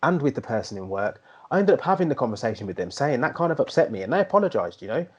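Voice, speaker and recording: Racing along in a very animated, mid-range voice, this British podcast co-host talks earnestly and reflectively, using many fillers. The audio sounds dull.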